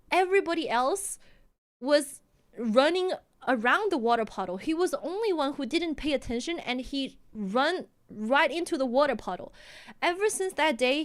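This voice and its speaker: A young woman from China, telling a story casually on a stream and laughing often. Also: high-pitched.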